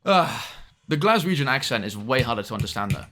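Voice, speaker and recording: Bright-voiced young streamer. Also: male voice, medium pitch, very animated, quick pace. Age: young adult. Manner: chatty, swears at the game. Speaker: streamer reading chat. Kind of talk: casual game-stream chat.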